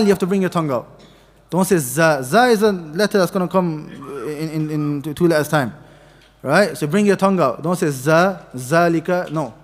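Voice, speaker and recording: A man teaches a mosque class, patiently sounding out letters and waiting for students to repeat. His voice sits slightly high, and each word trails off in the long echo of the mosque hall around him. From Pakistani heritage. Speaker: tajweed teacher.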